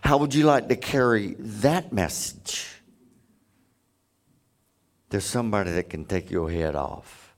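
A man's voice: fairly low pitch, sing-song, slow, long pauses. A man preaching a sermon, telling stories with emphatic, earnest delivery. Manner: emphatic storytelling.

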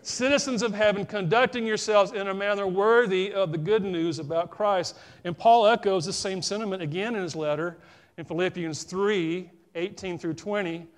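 A man's voice: high-pitched, moderate pace. A middle-aged man with a Southern US accent, preaching a folksy sermon and talking straight to his congregation. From South Carolina, US. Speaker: pastor.

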